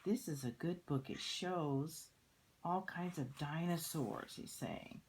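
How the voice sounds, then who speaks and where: An older woman reading a children's picture book aloud, soft-spoken and often slipping into a whisper. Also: low-pitched, takes it slowly, slight background noise, poor audio.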